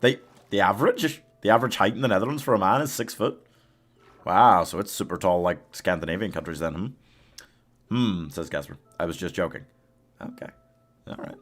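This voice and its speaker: A man's voice: sits low, moderate pace, long pauses, a bit bright. A man streaming a game live, chatting casually with his chat, laughing often and coaxing his companion along. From United Kingdom.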